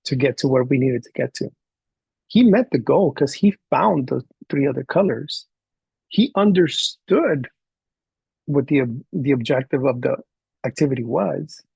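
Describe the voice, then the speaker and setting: A man teaching a class, telling a story in an animated way and acting out the dialogue. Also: medium pitch, vocal fry, husky, dry recording. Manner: animated, acts out quoted dialogue. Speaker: college instructor. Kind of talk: storytelling lecture to students.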